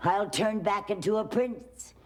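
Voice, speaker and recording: Older woman croaking as a sad frog prince. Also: mid-range voice, unhurried, lightly acted. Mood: pleading. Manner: croaking, pleading. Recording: studio audience laughter behind.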